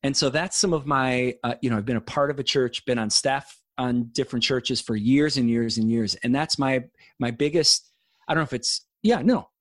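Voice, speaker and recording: In a casual conversation, a middle-aged author on as a guest speaks earnestly, developing lengthy analogies. His voice is medium in pitch at a moderate pace, and the recording is dry with clean studio sound.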